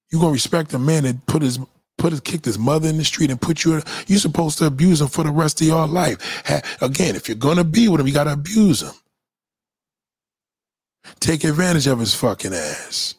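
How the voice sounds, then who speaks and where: A man's voice: fairly high pitch, animated, normal speed, long pauses, husky, no echo. A man in a blunt, crude rant full of swearing, speaking in a preachy tone. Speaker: commentator. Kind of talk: profane rant.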